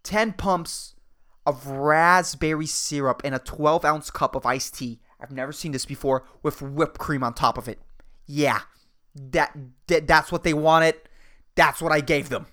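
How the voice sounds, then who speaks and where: A young Puerto Rican man hosts a solo podcast, ranting angrily and swearing heavily. His voice is fairly high, bright, and forceful, with fairly even intonation and a slightly slow pace.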